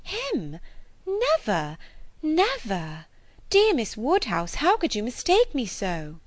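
A woman voicing an excitable, naive young woman who gushes in breathless, rising exclamations in an audiobook. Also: a little high, brisk, pitched above the performer's own voice. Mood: agitated. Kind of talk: audiobook character voice.

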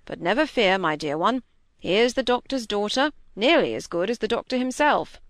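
A woman's voice: mid-range voice, expressive, moderate pace, dry recording, natural voice. A woman voicing an older country squire, speaking in a hearty, coaxing way in a storybook reading. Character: bluff country squire, older man, fussing.

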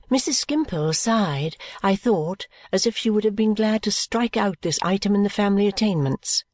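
A woman narrating an audiobook of a classic novel at a measured, even storytelling pace. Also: medium pitch, dry recording, clean studio sound. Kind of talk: scripted narration.

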